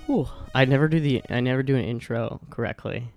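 A man's voice: mid-range voice, fairly quick, over loud music. A man hosting a casual podcast chat, rambling and hesitant with many fillers. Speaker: podcast host.

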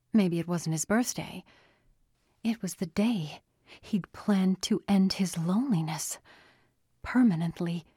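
A woman narrating a novel in a measured, scripted reading, quietly giving each character a voice. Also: fairly low pitch, husky, no room sound, studio quality. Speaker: audiobook narrator.

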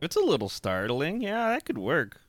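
A man's voice: a little high, wildly swooping pitch, moderate pace, no room sound. A man co-hosting a podcast, joking and swearing casually and laughing often. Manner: joking and profane, with lots of laughter. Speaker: podcast co-host. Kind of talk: casual movie-recap chat.

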